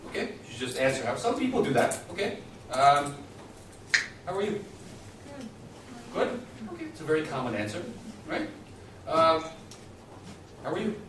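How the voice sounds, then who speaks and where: A man teaching a communication skills class, lively and quizzing his listeners as he acts out short exchanges. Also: on the high side, moderate pace, long pauses. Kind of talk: interactive classroom lecture. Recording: very echoey room, mic far off, faint noise.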